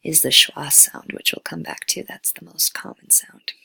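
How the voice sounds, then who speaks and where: A woman, an English as a second language teacher, giving a recorded lecture and slowly modeling vowel sounds. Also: low voice, fairly even intonation, creaky, sharp tone, slightly rough, no echo.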